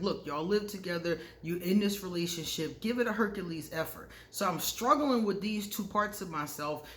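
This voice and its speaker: A woman hosting an astrology channel, telling personal stories in a candid, casual way and often laughing at herself. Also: fairly low pitch. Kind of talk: casual storytelling to camera. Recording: echoey room.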